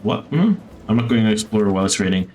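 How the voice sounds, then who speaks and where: With soft music in the background, a man streams a theme-park building game, talking fast and animatedly in a lowish, darkish voice. His casual commentary, picked up by a desktop mic, is full of fillers and the odd curse.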